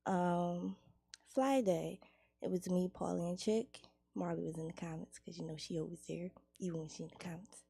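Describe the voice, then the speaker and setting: A woman hosting a radio show in a studio, chatting casually, laughing and reeling off plugs and shout-outs. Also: on the low side, steady tone, normal speed, creaky, slightly rough, no room sound.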